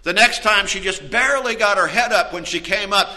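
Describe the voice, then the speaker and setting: A man preaching a sermon, telling a story and swinging from quiet asides to loud outbursts. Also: high voice, brisk, big-room sound, low-quality recording. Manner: storytelling with wide swings in loudness.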